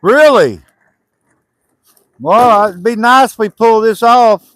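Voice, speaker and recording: An Arkansas man in his fifties with a Southern accent co-hosts a fireside homesteading livestream, easygoing, folksy, and quick to laugh. His voice is extremely high yet steady, a bit bright and clean, at normal speed. The recording is dry with clean studio sound.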